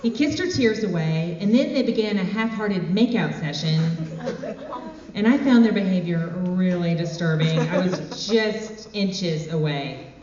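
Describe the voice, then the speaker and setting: A woman telling a comic personal story on stage with deadpan, wry asides. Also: fairly low pitch, measured pace, crowd noise. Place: stage in a hall. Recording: echoey hall, far from mic, dull.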